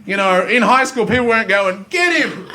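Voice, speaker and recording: A young Australian man doing a self-mocking stand-up comedy set, animated and full of silly voices, in front of a live school audience. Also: high-pitched, a little fast. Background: faint audience ambience and laughter.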